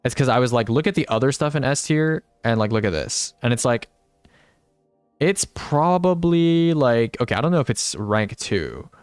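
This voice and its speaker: A young male streamer with a smooth, resonant voice, close and dry on the mic. He rambles and second-guesses himself in easy, laid-back gaming chatter, answering chat as he goes. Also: medium pitch, lively intonation, moderate pace, dry recording, faint music behind. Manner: rambling, thinks aloud, reads chat replies. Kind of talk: casual live-stream gaming commentary.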